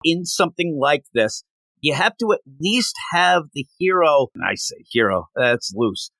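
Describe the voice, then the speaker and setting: A man's voice: on the high side, normal speed, no room sound. A man giving a casual, ranting comic book review on a podcast, acting out bits of dialogue as he goes. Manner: animated, ranting, acts out dialogue.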